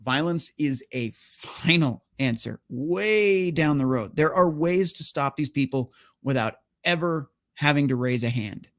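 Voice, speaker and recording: Man, solo livestream host, heated profane rant, emphatic, fairly high voice, dry close sound. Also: animated, a little slow, few pauses, fairly bright tone, no room sound.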